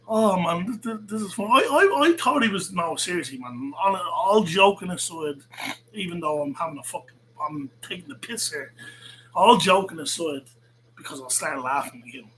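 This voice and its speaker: A man's voice: fairly high pitch, expressive, normal speed, sharp tone, slight background noise, poor audio. A man hosting his own channel, reacting to a clip with laughter, mockery and frequent swearing. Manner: laughing, mocking, swearing freely. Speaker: YouTube channel host. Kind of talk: casual commentary.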